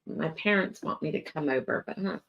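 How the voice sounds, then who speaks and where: A tired woman hosts her morning livestream, chatting casually with viewers in a drawn-out way, full of fillers and yawns. Her voice is low with vocal fry, and the recording has its highs cut off.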